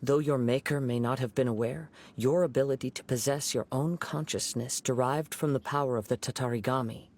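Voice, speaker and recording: An actor voicing a calm wandering young male swordsman in a video game, speaking in a composed, measured, gentle manner. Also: mid-range voice, a little hiss or hum, close to an everyday voice. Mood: earnest. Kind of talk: game voice acting. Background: game music.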